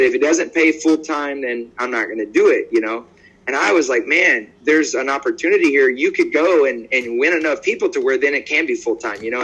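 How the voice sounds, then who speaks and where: Husky-voiced evangelist telling stories. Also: male voice, mid-range voice, rough recording. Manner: lively storyteller acting out quoted dialogue; bold and outspoken. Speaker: evangelist guest. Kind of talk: conversational podcast interview.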